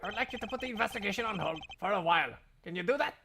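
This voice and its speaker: A man's voice: high voice, expressive, very fast, gravelly, sharp tone, voice pushed up, exaggerated voice. A man voicing a haughty, scolding ambassador in a put-on German accent for a live fandub. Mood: imperious. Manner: imperious, scolding.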